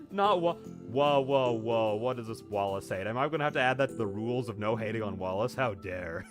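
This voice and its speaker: Excitable young man streaming a read-aloud. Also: mid-range voice, over music. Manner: excitable and goofy, quick laughs, rambling asides. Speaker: streamer reading a visual novel aloud.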